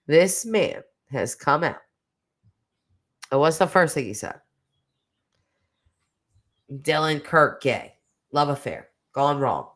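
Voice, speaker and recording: A woman's voice: low voice, sing-song, slow pace, pauses often. A woman in her forties hosting a livestream, chatting casually with viewers, reading their comments and poking fun at herself. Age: 40s. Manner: chatty and self-mocking, laughs often. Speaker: livestream host.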